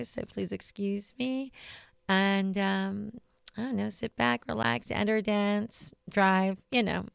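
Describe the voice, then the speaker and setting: A woman's voice: mid-range voice, vocal fry, smooth, dry recording. A woman radio DJ, chatting loosely and reading station announcements in a studio. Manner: loose and chatty, laughing, with Southern y'all. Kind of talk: casual college radio DJ talk with read announcements. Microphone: studio mic. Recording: dry close studio sound.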